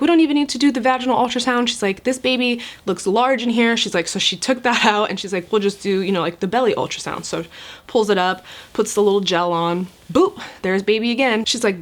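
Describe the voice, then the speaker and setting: A woman in her thirties, a vlogger chatting casually to camera at home, telling a story with lots of "like" and acted-out quotes. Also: medium pitch.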